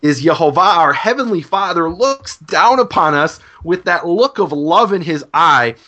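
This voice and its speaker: A man's voice: fairly high pitch, lively intonation, normal speed, sharp tone. A man explaining scripture in an earnest conversational way, often restarting his sentences. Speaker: Bible scholar co-host. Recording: dull lo-fi podcast audio.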